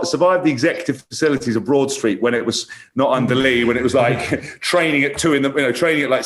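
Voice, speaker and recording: A man's voice: medium pitch, a bit bright. A man co-hosting a casual podcast, rambling and laughing between phrases. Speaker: podcast co-host. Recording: echoey room sound.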